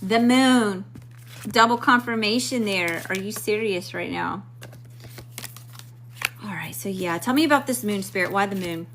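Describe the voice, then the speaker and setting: With a medium-pitched voice, a measured pace, and frequent pauses, a woman reads tarot on a live stream amid background noise. She draws cards while speaking to spirit, chatting casually and saying hello to viewers in the chat.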